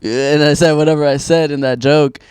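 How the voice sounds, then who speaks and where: Male comic guest, smooth clear voice, rambling delivery, dry room. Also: on the high side, fairly even intonation, brisk, a little mellow, dry recording. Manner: rambling, filler-heavy. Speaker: comedian guest. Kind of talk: casual podcast chat.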